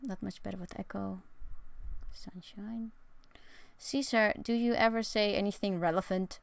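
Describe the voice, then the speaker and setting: A woman's voice: mid-range voice, fairly even intonation, measured pace, vocal fry, dry recording. A young woman streaming from her bedroom, chatting casually with a rambling, sarcastic and self-mocking manner. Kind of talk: casual live-stream chat.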